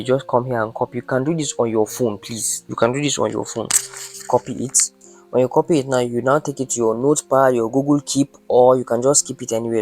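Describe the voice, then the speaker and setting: A man's voice: medium pitch, darkish tone. A man teaching online marketing step by step. He repeats his points and checks that viewers follow. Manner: instructive, repeats points and checks "you understand?". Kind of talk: screen-recorded tutorial.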